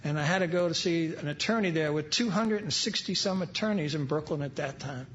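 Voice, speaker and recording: A man's voice: fairly high pitch, a little fast, a little hiss or hum. An older man from New York speaking at a recovery meeting, telling stories with humorous, wry asides. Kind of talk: storytelling talk to an audience. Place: large event hall. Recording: dull lo-fi live recording.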